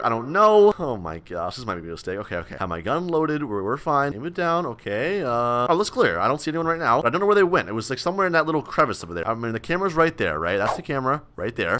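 Excitable man narrating a game in panic. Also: slight background noise. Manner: panicky and dramatic, reads chat lines aloud, says "bro" often; swings between loud alarm and low whispery fear. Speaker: gaming video creator. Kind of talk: excitable role-play game commentary.

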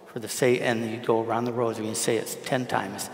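A man's voice: mid-range voice, flat delivery, brisk, gravelly. A male priest giving an informal homily at Mass, talking conversationally, repeating himself and asking the congregation questions. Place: large church. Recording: echoey church with long reverb.

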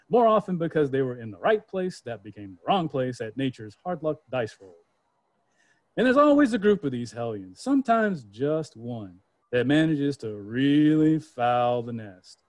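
A man's voice: medium pitch, darkish tone, no room sound. Dramatic male poet reciting. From Georgia, US. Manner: dramatic, rhythmic recitation with character voices. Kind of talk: poetry reading.

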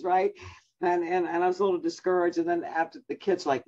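Chatty older woman, husky voice. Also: lowish voice, brisk, lo-fi sound. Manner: chatty, laughs often, warm storytelling. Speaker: Bible teacher. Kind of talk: casual storytelling before a message.

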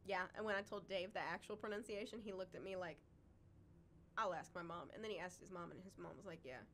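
A woman's voice: mid-range voice, steady tone, fast, a bit bright, a little hiss or hum. A woman co-hosting a casual chat, talking with chatty enthusiasm and frequent laughs. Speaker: podcast co-host, wildlife sanctuary keeper.

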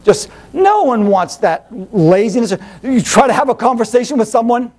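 Animated high-voiced male preacher. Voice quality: animated, rhetorical, quick questions to the congregation. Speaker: pastor. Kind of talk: sermon.

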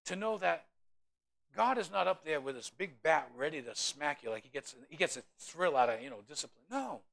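Gravelly, animated man preaching a sermon. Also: a little high, brisk. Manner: animated, humorous asides to the congregation. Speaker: pastor.

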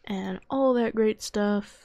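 A woman's voice: medium pitch, slow pace, vocal fry, mellow, dry recording. A young woman casually commenting on her video game as she plays, chatting to her characters and muttering to herself. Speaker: gaming youtuber. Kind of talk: casual let's-play commentary.

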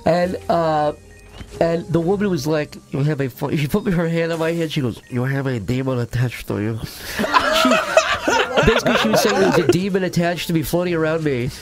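A man's voice: fairly high pitch, brisk. A young man hosting a casual comedy podcast, crude and rambling as he tells stories. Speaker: podcast host.

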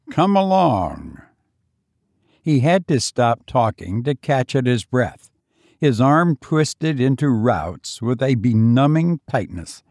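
A man narrating a classic story in a measured, dramatic way. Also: medium pitch, a little mellow, no room sound, studio quality. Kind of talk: audiobook narration.

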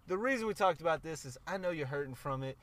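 A man co-hosting a podcast, chatting casually and tossing in quick reactions. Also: on the high side, lively intonation, a bit bright. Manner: laid-back, quick interjections. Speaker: podcast co-host. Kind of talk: casual chat.

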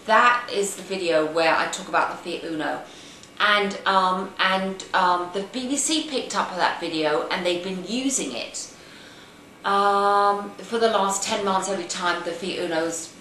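A British woman hosting a casual tea-and-chat video, talking in an animated, gossipy way and sometimes slipping into silly put-on voices. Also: mid-range voice, unhurried, reverberant, slight background noise, low-quality recording. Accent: British English. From Britain. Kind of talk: casual chatty monologue.

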